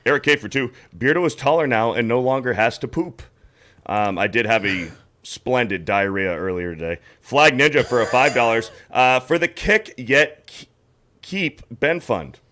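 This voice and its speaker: A man with a bright, forceful voice hosts a casual livestream. He reads viewer messages aloud in an easy, joking way. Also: medium pitch, normal speed. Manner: reads donor messages aloud, wry asides. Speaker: host reading super chats.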